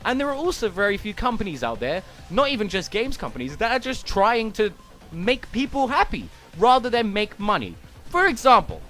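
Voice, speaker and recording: A young man rants through a gaming commentary, sarcastic and swearing freely. His voice sits fairly high for a man and swings up and down a lot as he gets worked up. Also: pushed and bright. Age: young adult. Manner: ranting, profane, sarcastic. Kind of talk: ranting commentary.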